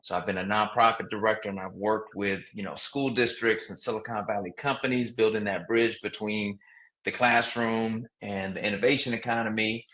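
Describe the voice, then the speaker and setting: A man who is a guest on a podcast, answering the host's questions in an earnest, measured way. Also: fairly low pitch, fairly even intonation, a bit bright. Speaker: podcast guest, educator and entrepreneur. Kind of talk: interview answers. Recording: echoey room.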